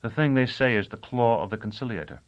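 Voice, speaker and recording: An earnest young executioner, eager and deferential, as a man voices him in this storybook reading, raised noticeably in pitch. The recording is dull and lo-fi. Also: expressive, fast talker, smooth, natural voice.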